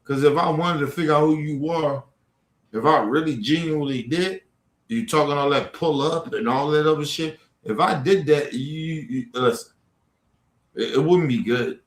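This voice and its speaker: A man's voice: fairly high pitch, moderate pace. Confrontational man ranting in an echoey room. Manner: confrontational, profane, addressing chat trolls directly. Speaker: livestream host. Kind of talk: heated livestream rant.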